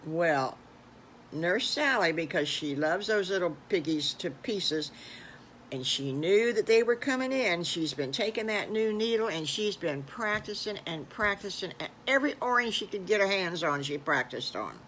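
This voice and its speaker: An older woman, a grandmother, improvising a children's story in a gentle, folksy, unhurried way. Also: lowish voice, expressive, slight background noise, rough recording.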